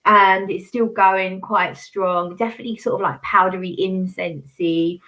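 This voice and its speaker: A woman's voice: mid-range voice, steady tone, a little slow, bright, forceful tone, rough recording. A woman hosting a casual fragrance chat on a livestream, laughing often and reading out viewer comments. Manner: chatty and giggly, reads out viewer comments. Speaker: host of a fragrance review channel.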